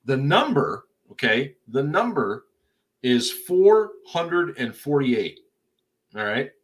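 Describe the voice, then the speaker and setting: A man's voice: mid-range voice, very animated, slow pace. A man hosting a casual sports podcast, stammering as he runs the segment and questions his co-hosts. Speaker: podcast host.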